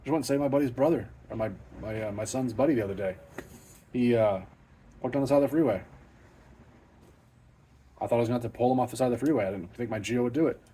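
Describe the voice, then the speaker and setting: A man's voice: medium pitch, fast, long pauses, warm tone, a little hiss or hum. Blunt cussing guy in his garage. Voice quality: profane, blunt and plain-spoken. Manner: self-deprecating, matter-of-fact. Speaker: car channel host. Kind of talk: off-the-cuff garage vlog. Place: home garage.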